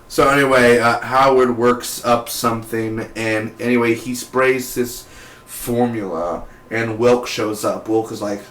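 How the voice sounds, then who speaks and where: A man recaps a TV episode in a rambling, offhand way, full of slang. His voice sits at an ordinary middle pitch. The recording has a roomy echo. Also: steady tone, a little slow, a bit bright. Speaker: TV episode reviewer. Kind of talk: casual recap review.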